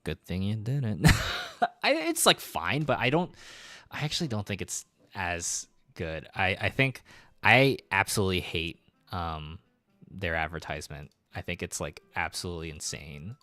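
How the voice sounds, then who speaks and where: A man's voice: deep voice, sing-song, unhurried, bright, forceful tone, dry recording. A man streaming while drawing, telling stories in a rambling, casual way with many fillers and restarts.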